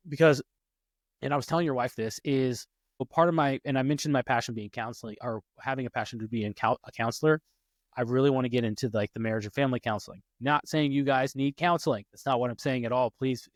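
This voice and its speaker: A podcast host in his late twenties talks fast in a mid-range voice, with no room sound. In casual chat he tells animated stories, acting out quotes with a rising voice.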